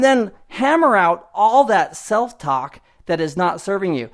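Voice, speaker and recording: A man in his fifties giving a motivational IT training lesson in an animated, conversational way, often laughing at himself. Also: high voice, measured pace, few pauses. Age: 50s. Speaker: IT instructor.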